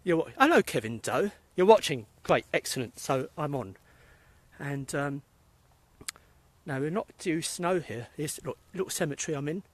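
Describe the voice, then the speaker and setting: A man's voice: fairly high pitch, animated, moderate pace, fairly bright tone, dry recording. Chatty British man on a phone live stream. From England. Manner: chatty, rambling, greets viewers by name. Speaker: spiritualist medium vlogger. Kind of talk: casual live-stream chat. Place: outdoors in a cemetery. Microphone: phone held while walking.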